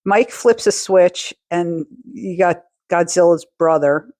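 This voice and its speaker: A woman's voice: on the low side, takes it slowly, dark tone, no echo, clean studio sound. A woman co-hosting a podcast, chatting in a laid-back way about a TV episode, laughing often and restarting her sentences. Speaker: podcast co-host. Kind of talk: casual chat recapping a TV episode.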